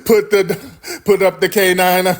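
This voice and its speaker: A man's voice: high-pitched, monotone, unhurried, voice pushed up. A man putting on a mocking Jamaican accent to play a panicked man fleeing attack dogs. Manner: shrieking, mocking.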